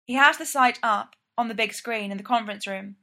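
A woman narrating a story in a steady, even storytelling manner. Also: fairly high pitch, brisk. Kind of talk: scripted narration.

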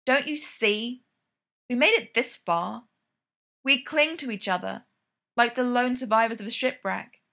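Woman voicing a curt, foul-mouthed young man, bright and sharp-edged in a spoken storybook. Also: on the high side, unhurried, pauses often. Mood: pleading. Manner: curt, swearing, exasperated. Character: blunt, exasperated young man, sweary and impatient.

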